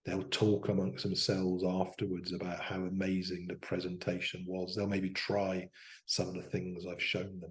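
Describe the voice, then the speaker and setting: A man demonstrating self-hypnosis aloud as a coach, talking himself through slow, soft affirmations. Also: low-pitched, completely flat delivery.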